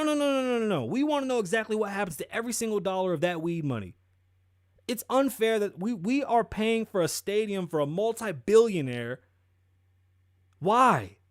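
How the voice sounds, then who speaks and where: A man's voice: high-pitched, no room sound, studio quality. A man hosting his own show, ranting in a profane, rambling way and correcting himself as he goes. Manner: profane, rambling, heated rant with self-corrections. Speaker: show host.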